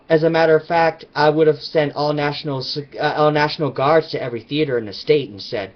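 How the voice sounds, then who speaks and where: A man's voice: on the high side, fairly even intonation, fairly quick, few pauses, lo-fi sound. A man vlogging his opinions in a rambling, emphatic casual rant.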